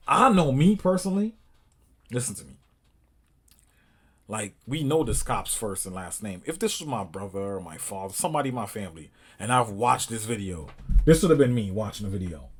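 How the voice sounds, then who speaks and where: Angry husky man ranting. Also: medium pitch, lively intonation, moderate pace. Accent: African American English. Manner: angry, swearing, emphatic, rising to outbursts. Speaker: commentator reacting to a video. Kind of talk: heated casual reaction commentary.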